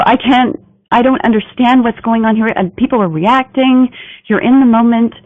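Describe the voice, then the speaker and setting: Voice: mid-range voice, no room sound. A communication trainer giving a business training talk in an emphatic, coaching delivery. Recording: tinny phone-like dry recording.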